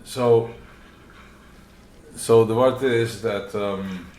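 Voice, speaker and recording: Guy teaching a religious class live, lowish voice, lots of restarts, echoey room. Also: steady tone, very slow, darkish tone, a little hiss or hum. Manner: earnest, repetitive restarts, acts out inner voices. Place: room with a small group. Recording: roomy live recording.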